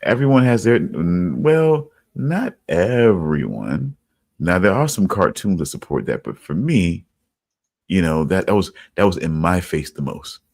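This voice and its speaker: A man co-hosting a podcast in casual chat, halting and repeating himself. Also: sits low, big pitch swings, creaky, a little mellow, dry recording. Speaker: podcast co-host.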